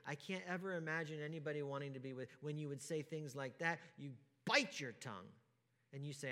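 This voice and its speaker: Man, pastor preaching, forceful bright voice, somewhat high, rhetorical questions, hushed-to-loud swings. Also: fairly quick. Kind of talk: sermon. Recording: long hall reverb.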